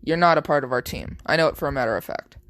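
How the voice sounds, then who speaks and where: A young man voicing a stern young special forces operative, curt and deadpan. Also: fairly high pitch, very fast, no room sound, clean studio sound, pitched below the performer's own voice, lightly acted.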